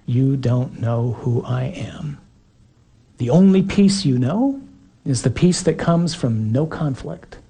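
A man's voice: medium pitch, expressive, takes it slowly, warm tone, husky. A man preaching a sermon in an earnest, emphatic way, sometimes acting out quoted voices.

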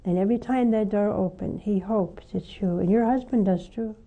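An older woman, a nun hosting a call-in show, preaching fervently and coaxing callers, her voice often rising to high emphatic peaks. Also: normal speed, phone-quality sound.

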